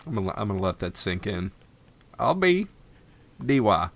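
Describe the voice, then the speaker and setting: A man's voice: sits low, little pitch movement, rapid-fire. A man hosting a casual podcast chat, recapping an episode with laid-back asides. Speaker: podcast host.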